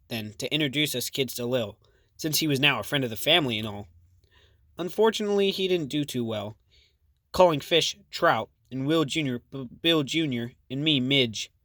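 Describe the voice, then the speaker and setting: A male audiobook narrator with a steady, measured read. His voice sits at an ordinary pitch for a man. The sound is dry and close to the mic. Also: no room sound.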